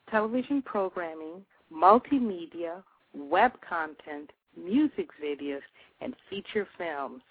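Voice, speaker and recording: A woman hosting a radio show, reading a scripted guest introduction in measured phrases. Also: mid-range voice. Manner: reads a long list of credits in measured phrases. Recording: tinny phone line.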